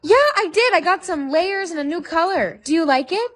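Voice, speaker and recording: A synthetic text-to-speech woman's voice reading the side characters in a storytime, with a flat machine delivery. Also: very high-pitched, normal speed.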